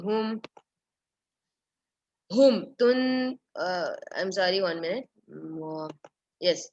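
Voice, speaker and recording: A woman teaching a live online recitation lesson, repeating words slowly and correcting pronunciation step by step. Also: medium pitch. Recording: dull lo-fi stream audio.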